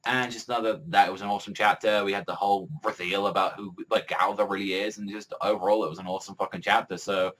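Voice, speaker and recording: Man, casual review vlog, rambling, swears a lot, fillers everywhere, somewhat low voice. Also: steady tone, fast talker, few pauses, fairly bright tone, poor audio. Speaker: anime and manga reviewer.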